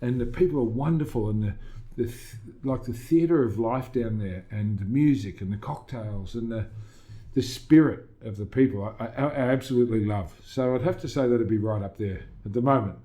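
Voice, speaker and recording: A middle-aged Australian gym owner talking as a guest in a casual interview, emphatic and motivational, often quoting himself. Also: male voice, medium pitch, normal speed, dark tone.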